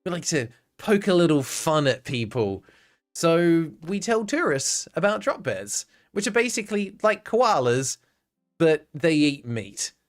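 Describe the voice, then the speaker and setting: A man's voice: a little high, very animated, unhurried. An Australian man chatting casually on a live stream, laughing often and answering his chat.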